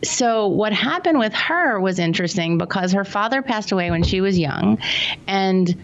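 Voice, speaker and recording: A woman's voice: mid-range voice, lively intonation, moderate pace, muffled recording. Earnest woman telling client stories. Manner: earnest, anecdotal, acts out quotes. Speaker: guest, money coach. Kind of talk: casual interview storytelling.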